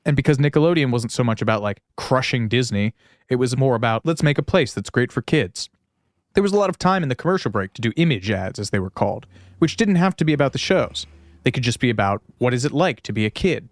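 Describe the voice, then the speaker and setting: A man's voice: medium pitch, expressive, quick pace, no echo, clean studio sound. A man co-hosting a podcast in casual chat, rambling and riffing with lots of "like" and some swearing. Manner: laughs at his own jokes. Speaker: podcast co-host.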